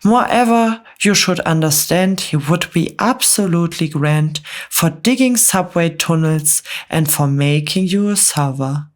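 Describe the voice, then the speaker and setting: Lady whispering as a sweet eager boy, whispered role-play, slow and low. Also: animated. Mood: earnest. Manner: soft, slow, gentle. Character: boy hero, friendly and eager.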